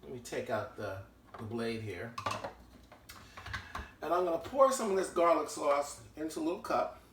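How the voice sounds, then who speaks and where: A man's voice: a little high, lively intonation, moderate pace, background noise. Chatty guy cooking at home, voice jumps all over, echoey kitchen. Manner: chatty and enthusiastic, lots of fillers. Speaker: home cooking show host. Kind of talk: casual cooking demonstration.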